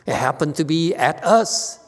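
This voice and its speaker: Give me a man teaching Dharma in a temple hall, slow and deliberate, with long reverb. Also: a little high, animated. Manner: slow, emphatic, with playful teasing. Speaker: Buddhist master giving a Dharma talk. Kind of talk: sermon.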